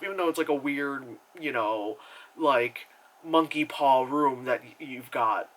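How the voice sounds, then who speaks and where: A man's voice: a little high, animated, normal speed, pushed and bright, rough recording. A man giving a casual, rambling movie review, full of fillers, sarcasm and swearing.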